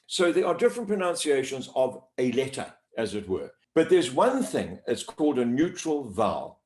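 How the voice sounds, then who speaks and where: A man working as a voice coach, explaining pronunciation in an interview with a clear, deliberate teacher's delivery and drawing out sounds to demonstrate them. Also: medium pitch, a little mellow. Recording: echoey room.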